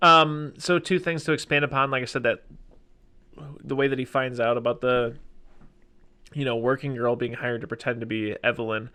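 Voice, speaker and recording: A man's voice: mid-range voice, steady tone, moderate pace, sharp tone, clear, resonant tone. A man co-hosting a podcast, chatting casually about movies and retelling scenes in a rambling way. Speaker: podcast co-host.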